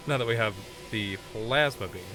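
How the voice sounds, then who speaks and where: A man's voice: mid-range voice, moderate pace. A man streaming a game live, chatting casually and bluntly brushing off requests from chat. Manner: blunt, dismissive banter with chat.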